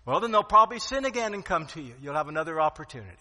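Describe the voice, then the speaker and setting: A man's voice: fairly high pitch, big pitch swings, very fast, hardly any pauses. Emphatic preaching man in a reverberant hall. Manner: emphatic preaching, swings from loud to quiet. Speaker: pastor. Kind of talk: sermon.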